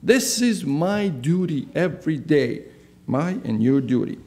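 A male pastor delivers a sermon in a church, keeping his tone soft and mellow. His speaking voice sits a little above the usual pitch for a man. He keeps asking the listeners questions and then supplying the answers. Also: animated, moderate pace. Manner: asks the congregation rhetorical questions.

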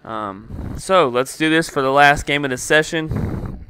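Bright-voiced young man swearing over gameplay. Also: fairly high pitch, a little slow. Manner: swears a lot, frustrated outbursts. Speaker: gameplay commentator. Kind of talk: live gameplay commentary.

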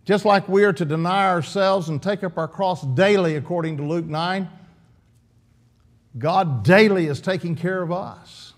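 A man's voice: high-pitched, a little slow. A man preaching an earnest, emphatic sermon in church, often restarting his phrases.

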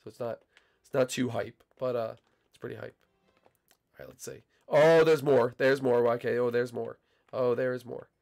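A young man casually commenting on his gameplay, bantering and teasing his teammates, his voice still a little hoarse as it recovers. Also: mid-range voice, fairly even intonation, moderate pace, darkish tone, soft background music. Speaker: gaming channel host.

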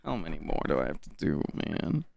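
A man streaming a card game, reading card text aloud and reacting with animated, profane commentary. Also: a bass voice, fairly quick, vocal fry, very noisy. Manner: animated and profane, swinging between flat card reading and excited outbursts.

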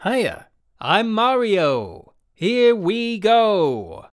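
A man's voice: high-pitched, very animated, drawn-out words, pitched above the performer's own voice, exaggerated voice. A man doing a desperate old actor. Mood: eager. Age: older. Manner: pleading, theatrical, cartoonish exclamations. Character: desperate elderly actor auditioning as a plumber hero.

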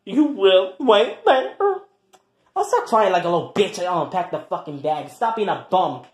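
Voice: lively intonation, fairly quick. Profane, taunting skit voice in an echoey room. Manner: profane, taunting, trash-talking; swings between loud jeers and low mutters. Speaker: comedy skit performer. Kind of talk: improvised comic quarrel between roommates.

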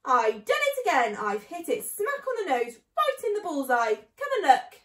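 A woman's voice: high voice, lively intonation, normal speed. A woman voicing a sly, boastful father fox who grins and gives orders, in a storybook reading. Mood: gleeful. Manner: grinning, showy and commanding. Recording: echoey room.

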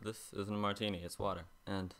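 A man quietly telling a story in a hushed, soft voice before playing a cover song. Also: lowish voice, level tone, a little fast, vocal fry. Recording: roomy echo with loud ukulele. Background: ukulele playing.

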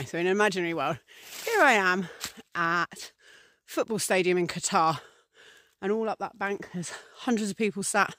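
A woman from England talking casually to camera as a vlogger, chatty and rambling, with many fillers and small acted-out scenes. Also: on the low side. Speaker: priestess and vlogger.

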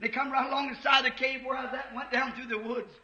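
A man preaching an impassioned revival sermon in a church, rising to shouts at the peaks. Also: very high voice, flat delivery, quick pace. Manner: impassioned, shouting at peaks, old-time Southern US preaching cadence. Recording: echoey church, dull 1950s tape.

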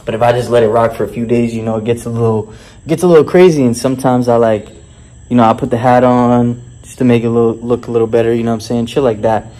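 A man's voice: medium pitch, little pitch movement, fast, dark tone. A man delivering a motivational vlog monologue as a fitness and mindset coach, boastful and heavily profane, full of swaggering street slang.

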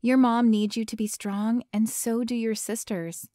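A woman voicing a young woman who speaks softly and reassuringly. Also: fairly high pitch, steady tone, a little slow, no room sound, close to an everyday voice. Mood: soothing. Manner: soft, soothing and reassuring.

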